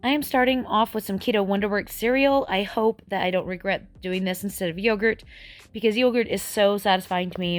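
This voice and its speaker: A woman in her forties chatting casually through a food diary vlog, often sounding a little out of breath. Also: mid-range voice. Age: 40s. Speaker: vlogger. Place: various rooms and a dance studio.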